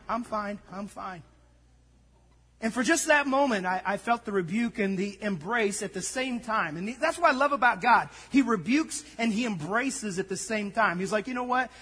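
High bright husky guy preaching, tells stories, acts out the lines, big echoey hall. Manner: storytelling, animated, acts out dialogue. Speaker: pastor. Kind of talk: sermon.

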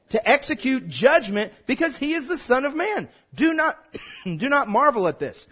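A man's voice: very high-pitched, big pitch swings, moderate pace, a bit bright, husky. A man preaching a sermon as pastor, conversational and folksy, prompting the congregation to call back.

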